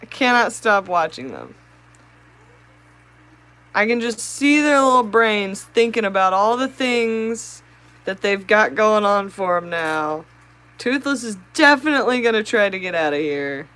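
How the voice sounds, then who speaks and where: A woman hosting a live stream, chatting excitedly with viewers and talking to her fish. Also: mid-range voice, unhurried, poor audio.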